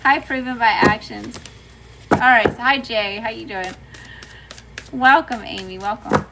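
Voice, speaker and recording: A woman's voice: on the high side, measured pace, creaky, very noisy. A chatty woman with a Southern US accent, doing a casual livestream tarot reading and greeting her chat. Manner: chatty, folksy, says y'all often.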